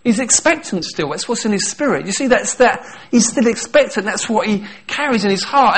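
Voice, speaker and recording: Animated male preacher. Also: sits high. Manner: animated, acts out quoted voices, laughs often. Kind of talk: sermon.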